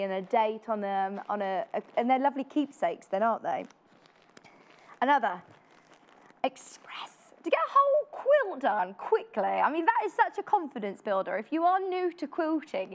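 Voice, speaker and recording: In a studio, a woman with a slightly high voice hosts a live TV shopping demonstration. She's chatty and upbeat, often putting questions to the viewer.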